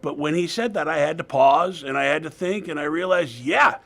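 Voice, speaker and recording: A man's voice: on the high side, a little fast, gravelly, fairly bright tone. A man co-hosting a talk show, joking and easygoing in casual banter. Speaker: co-host producer.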